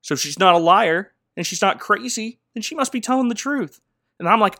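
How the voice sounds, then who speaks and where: A man's voice: a little high, moderate pace, a bit bright, no echo, studio quality. A man recapping a movie in a sarcastic, rambling comedic style, laughing often.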